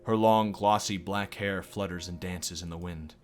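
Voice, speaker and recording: A man's voice: deep voice, steady tone, normal speed, voice pushed down, lightly acted. A man reading the lines of a lovestruck, shy young schoolgirl narrator aloud in his own plain voice. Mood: wistful.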